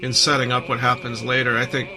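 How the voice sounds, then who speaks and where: A man's voice: mid-range voice, monotone, quick pace, over music, rough recording. A man hosting a casual film discussion, thoughtful and repeating words as he gathers his thoughts.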